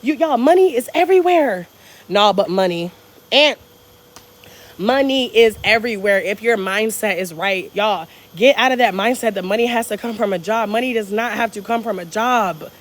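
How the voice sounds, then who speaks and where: Brief: American woman, energetic and foul-mouthed, motivational live-stream host. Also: mid-range voice, normal speed. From United States. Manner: energetic, profane, preachy, reads viewer comments aloud. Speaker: travel vlogger. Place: hotel room abroad.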